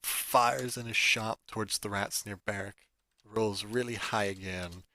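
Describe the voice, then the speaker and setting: A man serving as game master for a tabletop game narrates the action casually, dropping "like" constantly as filler. His voice is fairly low and fairly even in intonation, with a measured pace and a sharp tone.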